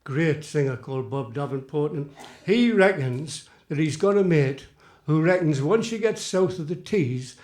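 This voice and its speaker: A man's voice: fairly high pitch, animated, unhurried, a little mellow. An older man with a Geordie accent, a folk singer chatting from a small theatre stage and chuckling at his own jokes. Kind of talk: live stage banter and comic recitation. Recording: echoey live room.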